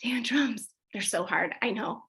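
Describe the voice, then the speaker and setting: A woman psychologist giving a casual, animated workshop talk to parents, often checking in with her listeners. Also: mid-range voice, moderate pace, poor audio. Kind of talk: informal workshop presentation.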